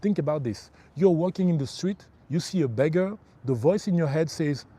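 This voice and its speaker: A man's voice: a little high, animated, moderate pace, few pauses, dark tone. A middle-aged man working as a spiritual life coach, giving an emphatic motivational livestream talk. He repeats his key phrases and calls his listeners bro.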